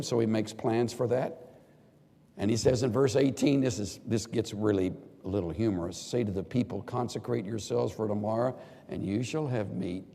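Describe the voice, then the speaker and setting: An older man preaching a sermon in earnest, animated tones, now and then acting out pleading quoted voices. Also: medium pitch, vocal fry. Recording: long reverb of a large hall.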